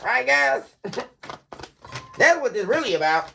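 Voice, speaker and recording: Woman tarot reader, casual and chatty, lively pitch, breaks into laughter. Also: unhurried, gravelly, noisy background. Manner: animated, laughing, addresses viewers as y'all. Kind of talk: casual psychic reading to viewers.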